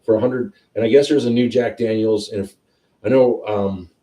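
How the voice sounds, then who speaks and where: A man hosting a whiskey tasting livestream, chatting casually and excitedly as he tastes. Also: fairly low pitch, moderate pace, recorded from a distance. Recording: roomy sound, a bit off-mic.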